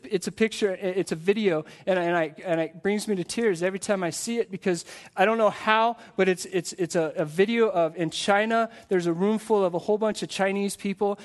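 A male pastor preaching a live sermon to his congregation in a church, earnest and full of repeated rhetorical questions. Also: high voice.

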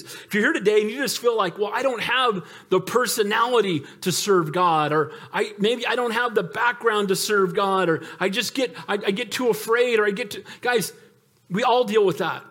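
High-voiced man preaching with emphasis. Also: moderate pace, a bit bright. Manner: emphatic, calls out for amens; conversational, jokes with the congregation. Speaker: pastor. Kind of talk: sermon.

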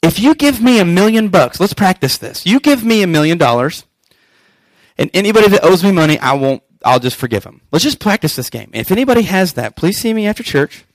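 A man preaching a sermon as pastor, animated and acting out scripture scenes. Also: high voice, fairly quick, no echo, low-quality recording.

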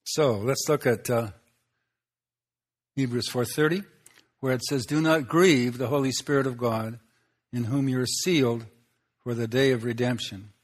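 A man preaching a sermon in a voice of ordinary middle pitch. He teaches at an unhurried pace, pausing often between phrases. He asks his listeners rhetorical questions as he goes. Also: steady tone.

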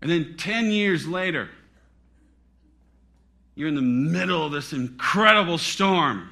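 A middle-aged male pastor preaching a sermon, swinging between loud dramatic peaks and hushed, near-whispered drops. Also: a little high, expressive, slow, vocal fry, long pauses.

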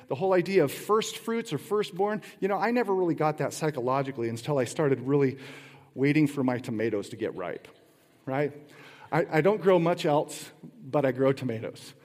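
A man's voice: fairly high pitch, lively intonation, moderate pace, a little mellow. A preaching man in a reverberant hall. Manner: conversational preaching with rhetorical questions and playful asides. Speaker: pastor. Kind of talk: sermon.

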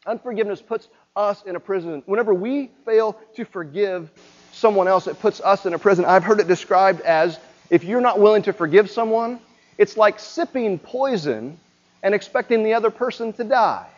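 A man's voice: high-pitched, expressive, normal speed, muffled recording. A man preaching a sermon in a conversational way, often asking the congregation rhetorical questions. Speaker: pastor.

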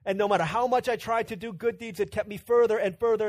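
A man in his thirties preaches a sermon in a conversational, storytelling way. His voice sits a little high. He rises to loud, urgent bursts and then drops to hushed quiet. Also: fairly even intonation, quick pace, few pauses, no echo. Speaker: pastor.

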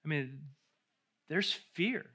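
Bright-voiced male pastor preaching a sermon. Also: on the high side, animated. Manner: builds from hushed, intimate passages to loud, slow, emphatic preaching.

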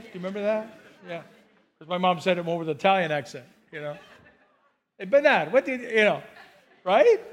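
High pitched guy preaching, earnest, keeps repeating words. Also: a bit bright. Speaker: pastor. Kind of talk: sermon.

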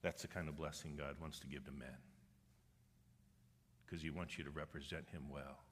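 A middle-aged man preaching a sermon, animated and humorous, rising to forceful exhortation. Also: extremely low pitch, moderate pace, slight background noise. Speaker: pastor. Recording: long reverb of a large hall.

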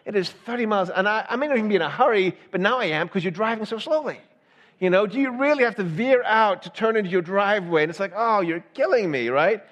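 A man's voice: high-pitched, fast talker, a bit bright, dull audio. Man preaching in a reverberant hall. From Southern United States. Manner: conversational, keeps asking the congregation "right?". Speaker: pastor. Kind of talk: sermon.

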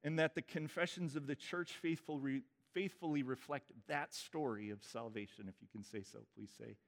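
A man's voice: medium pitch, moderate pace, vocal fry. Man, pastor, baptism liturgy, formal vows with casual asides, reverberant church sound. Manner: warm, informal asides between formal liturgy. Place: church sanctuary.

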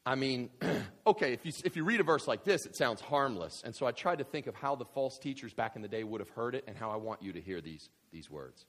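A male pastor preaching a sermon to his congregation, conversational and animated, dropping to hushed asides and then rising to fired-up exclamations. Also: medium pitch, brisk, hardly any pauses. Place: church hall with congregation.

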